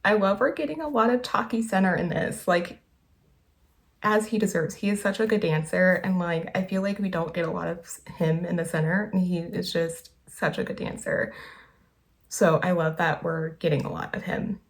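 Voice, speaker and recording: A woman's voice: on the low side, normal speed, vocal fry. A woman hosting a casual music video reaction, gushing and exclaiming often. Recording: loud music behind the voice. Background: music playing.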